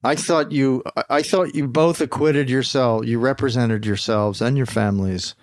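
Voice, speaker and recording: A man's voice: medium pitch, normal speed, no room sound, studio quality. A man co-hosting a podcast, joking in a mock-serious way. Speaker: podcast co-host. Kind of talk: casual podcast banter.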